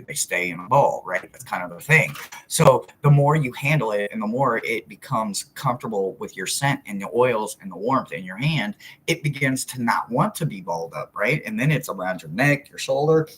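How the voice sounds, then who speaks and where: A woman hosting a casual live chat as a spiritual reader, talking straight to her viewers in a blunt, animated way that swears freely and swings from loud to soft. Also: very deep voice, slightly rough.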